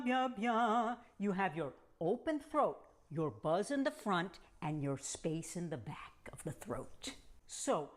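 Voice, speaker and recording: A woman's voice: medium pitch, fairly bright tone. A middle-aged woman vocal coach teaching a singing lesson, demonstrating hums and scales as she explains.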